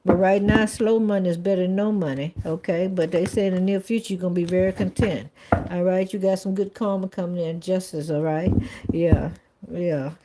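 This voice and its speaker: A woman's voice: fairly low pitch, steady tone, moderate pace, heavy background noise. A woman giving a live-stream tarot reading in a casual, blunt way, swearing freely and saying "all right" and "okay" over and over. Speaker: tarot reader.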